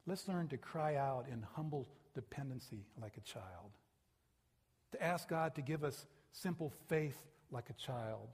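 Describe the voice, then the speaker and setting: A man's voice: medium pitch, a little slow, slightly rough. A male pastor preaching a sermon and telling stories with animation. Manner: animated, acts out the people in his stories. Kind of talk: sermon storytelling. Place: church sanctuary.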